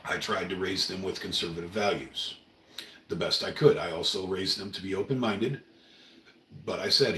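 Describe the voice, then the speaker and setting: A man's voice: low voice, normal speed, bright, forceful tone, distant mic. A middle-aged man from Oregon hosting a home livestream, speaking in an earnest, rambling, emotional way. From Oregon, USA. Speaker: livestream host. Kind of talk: casual livestream monologue. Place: room at home. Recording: roomy, a bit off-mic.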